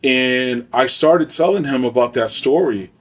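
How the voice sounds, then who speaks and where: Brief: Arizona man, casual profane storyteller, mid-pitched, mic a little distant. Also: unhurried. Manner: loose, slangy and profane, with frequent fillers. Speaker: storyteller, former soldier.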